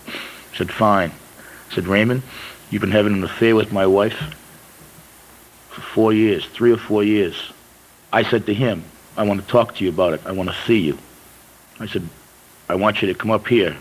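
An older man giving formal testimony in a slow, measured way, as if reading a prepared statement. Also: lowish voice, rough recording. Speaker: testifying witness.

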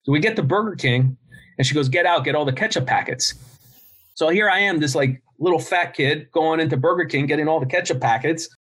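A man's voice: a little high, a little fast, a bit bright, husky. Man, middle-aged, blunt, swears freely, casual interview guest, storyteller. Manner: blunt, swears freely, tells stories with quoted voices. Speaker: podcast guest, business founder.

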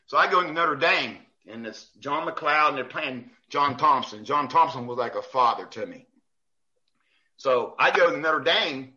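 A man with a higher, very bright voice tells stories with lots of swing in pitch, laughing and repeating himself as he acts out other people. The sound is somewhat dull and lo-fi. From United States. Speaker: referee guest. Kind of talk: animated storytelling in a podcast interview.

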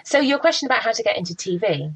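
A woman, a presenter telling stories from her career in a casual interview, very expressive and laughing often. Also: medium pitch, rapid-fire, creaky, slightly rough, dry recording, poor audio. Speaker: radio and TV presenter.

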